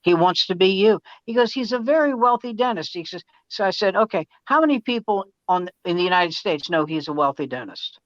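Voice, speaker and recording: An older man and veteran comedian telling animated anecdotes in casual chat, acting out the quotes as he goes. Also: high-pitched, brisk, hardly any pauses, no room sound. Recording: dull lo-fi sound.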